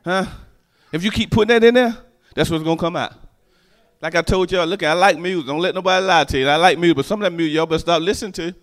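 A man's voice: high voice, quick pace. A man preaching a sermon, telling stories and checking in with the congregation in a call-and-response manner. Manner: animated, call-and-response, storytelling.

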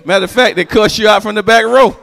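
A man's voice: high-pitched, fast, creaky. A man preaching a sermon, telling stories and checking in with the congregation in a call-and-response manner. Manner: animated, call-and-response, storytelling.

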